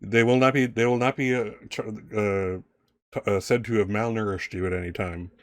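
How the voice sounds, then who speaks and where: A man narrating as game master, chatty and quick to laugh. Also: on the low side, fairly even intonation, dry recording, studio quality. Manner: chatty, laughs often, restarts.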